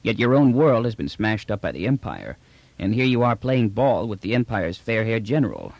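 A man narrator voices a bulky, brash space trader who talks bluntly in casual slang, pushing hard and then dropping low and conspiratorial. His delivery swings widely in pitch with a gravelly edge. The recording is dry and close. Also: big pitch swings, moderate pace, a little mellow, dry recording, dull audio, full character voice. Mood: low, urgent. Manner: blunt, wheedling street talk.

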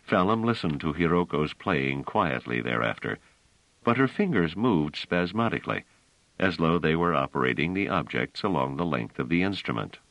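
A man with a very low voice narrates an audiobook. His delivery is measured but expressive, moving a lot in pitch. The sound is close and dry, with no room around it. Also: no echo, muffled recording.

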